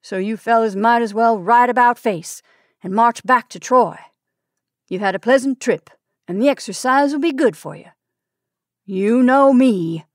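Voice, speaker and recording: A woman voicing a stern, defiant middle-aged male sheriff who speaks loudly and firmly. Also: on the high side, dry recording, clean studio sound, close to an everyday voice. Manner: loud, firm, deliberate.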